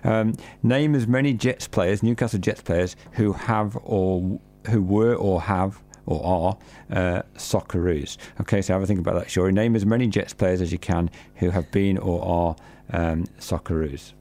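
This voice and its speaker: Male host, lowish voice, casual football radio banter with plenty of fillers. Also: normal speed, hardly any pauses, dark tone. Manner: chatty, with many fillers and restarts. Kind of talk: community radio football chat. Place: radio studio.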